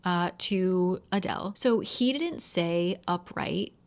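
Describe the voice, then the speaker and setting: A young woman with a slightly low voice talks through a thriller she is reading, recapping the plot in a casual, chatty way. She throws in asides and the odd swear word, like she is confiding in a friend. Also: slow pace. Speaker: book vlogger. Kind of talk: casual reading vlog with read-aloud passages.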